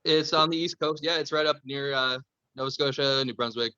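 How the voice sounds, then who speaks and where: A man from Canada tells rambling, profane stories in relaxed podcast chat. His voice is bright and forward. The recording is dry and a little dull, with no room sound around him. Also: on the high side, a little fast, clean tone, dry recording. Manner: loose, profane storytelling. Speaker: podcast guest.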